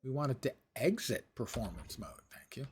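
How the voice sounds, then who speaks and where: A man's voice: mid-range voice, sing-song, normal speed, darkish tone, a little hiss or hum. A man streaming a video game live, chatting casually and joking at his own expense. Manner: self-deprecating, joking.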